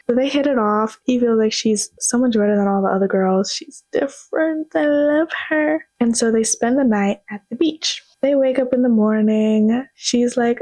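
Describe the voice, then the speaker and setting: A woman's voice: on the high side, moderate pace, few pauses, a little mellow, no echo. A young woman giving a sassy, slang-filled casual movie commentary as host.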